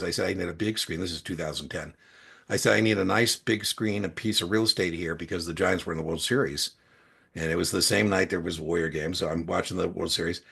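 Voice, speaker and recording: Middle-aged guy with a gravelly husky voice, rambling through stories, lots of uhs and restarts. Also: sits low, fairly bright tone. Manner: rambling anecdotes with many restarts and fillers. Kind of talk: casual storytelling.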